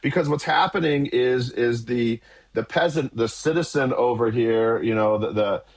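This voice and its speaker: A man's voice: medium pitch, normal speed. A man hosting a podcast, thinking aloud and searching for his words. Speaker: podcast host. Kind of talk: casual conversation.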